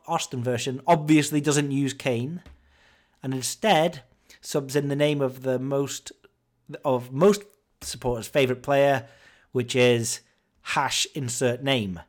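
A man hosts a casual podcast in a mock-solemn, sarcastic tone. His pitch sits in an ordinary mid range, and he slips in and out of sung football chants. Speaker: podcast host.

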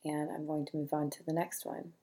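A young woman hosting a podcast, talking casually to listeners, then reading a long list of feeling words slowly and softly one at a time. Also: sits low, little pitch movement. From California. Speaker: podcast host.

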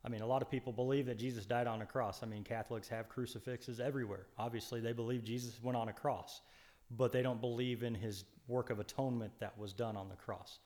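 A man's voice: mid-range voice, steady tone, fast, a little mellow. Earnest preacherly man teaching scripture. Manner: earnest, preacherly, emphatic with frequent restarts. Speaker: co-host Bible teacher. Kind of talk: conversational Bible study.

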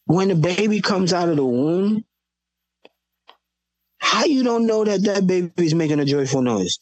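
A man's voice: high voice, expressive, a little slow, pauses often, darkish tone, dry recording, rough recording. A man, a Christian hip hop artist from Florida, telling stories in a casual podcast conversation and acting out the voices of people he quotes.

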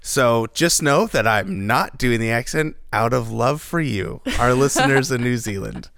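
A man's voice: mid-range voice, unhurried, creaky, a bit bright, dry recording, clean studio sound. A man co-hosting a podcast in casual chat, rambling and jokey with lots of fillers. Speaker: podcast co-host.

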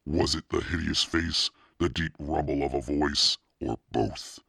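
A man voicing Satan as a demonic podcast narrator, reading a spooky children's story in a slow, menacing drawl with a husky, gravelly voice. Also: bright, forceful tone, dry recording, clean studio sound, heavily acted. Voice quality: extremely deep, gravelly and husky. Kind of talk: scripted narration.

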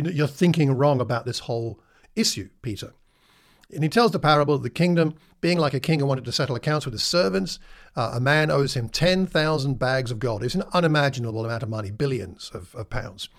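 A man's voice: fairly high pitch, creaky. A man teaching a Bible class in a conversational way, asking his listeners questions and acting out the lines he quotes.

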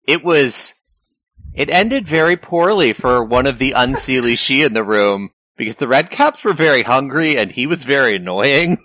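A man chatting casually, recapping a live-action game as a lively storyteller who laughs often. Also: medium pitch, normal speed, dry recording. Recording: dull lo-fi recording.

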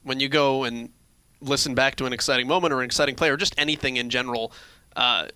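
Male interviewer, bright crisp voice, casual probing questions. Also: mid-range voice, steady tone, quick pace, no echo.

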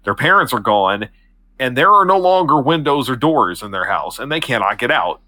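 A man co-hosting a casual podcast, excitable and quick to curse. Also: medium pitch, no room sound. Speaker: podcast co-host.

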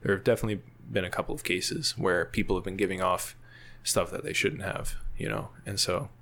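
A man's voice: low voice, steady tone, a little fast, a bit bright. A man guesting on a podcast, telling a casual story full of fillers and frequent laughs. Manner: rambling, laughs often, many fillers. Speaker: guest, field scientist.

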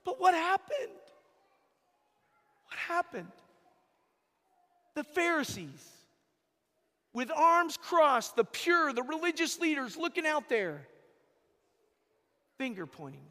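High-voiced priest preaching in echoing church. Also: male voice, sing-song, takes it slowly, pauses often, bright, forceful tone. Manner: emphatic storytelling, repeating key phrases. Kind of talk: sermon. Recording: long echo of a church hall.

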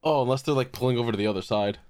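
A man's voice: mid-range voice, rapid-fire, darkish tone, clean tone, dry recording, clean studio sound. A man co-hosting a casual podcast, bantering and joking. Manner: joking, mock-menacing banter. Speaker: podcast co-host. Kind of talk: casual chat.

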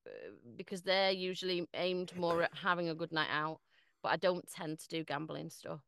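A woman's voice: lowish voice, level tone, moderate pace, gravelly, fairly bright tone, smooth, no room sound, studio quality. A woman, a voiceover artist chatting as a podcast guest, laughing often. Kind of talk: casual podcast chat.

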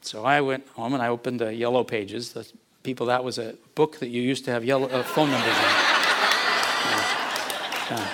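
Animated man preaching a story. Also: mid-range voice, moderate pace, heavy background noise. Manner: animated, chuckling, repeats words as he tells it. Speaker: pastor. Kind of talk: storytelling sermon.

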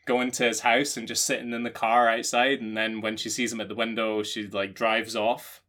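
A Scottish man co-hosting a podcast, riffing through jokes in a deadpan, rambling way. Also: on the low side, normal speed. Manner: deadpan, rambling joking riffs. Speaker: podcast co-host. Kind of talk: comedic casual chat.

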